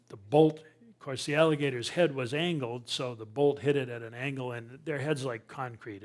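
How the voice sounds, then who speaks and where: An older man tells a comic story to a live audience. He talks in an animated, self-deprecating way and makes sound effects as he goes. His voice sits at a medium pitch. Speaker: naturalist guest speaker.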